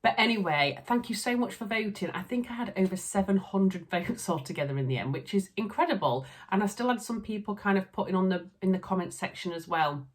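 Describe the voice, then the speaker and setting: A woman's voice: medium pitch, lively intonation, a little fast, hardly any pauses. A woman with a Yorkshire accent, chatting casually to camera as a sewing vlogger, with frequent laughs and filler ums. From Yorkshire, England.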